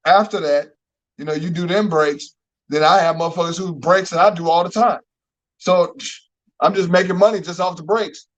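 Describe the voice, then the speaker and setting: A man telling animated, profane stories in a casual chat, acting out the people he quotes. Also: high voice, moderate pace. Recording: dull lo-fi recording.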